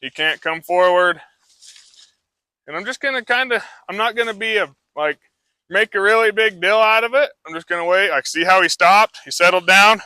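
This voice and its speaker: An easygoing male horse trainer explains his work to a live crowd in a loose, rambling way full of fillers. His very bright voice sits a bit higher than most men's, clear and resonant at normal speed, with a dry, close sound and no room echo.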